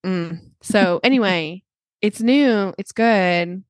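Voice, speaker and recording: A woman chats with a friend on a podcast, loose and giggly, full of "like" and quick restarts. Her voice sits at an ordinary pitch and is recorded close and dry, with no room sound. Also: no room sound. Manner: chatty, laughing, lots of fillers and restarts. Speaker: podcast co-host. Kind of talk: casual chat.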